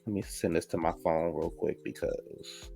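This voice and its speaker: A man casually recapping a reality TV episode, gossipy and profane, reacting loudly to the drama. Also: sits low, normal speed, creaky.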